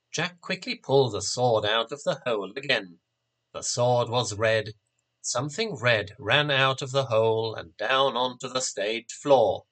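A man narrating a storybook in a slow, expressive reading. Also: medium pitch.

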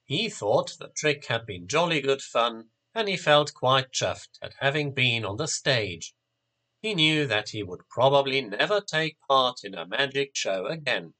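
Male story narrator, bright tone, lively pitch, unhurried delivery. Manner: slow, expressive reading. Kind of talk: storybook reading.

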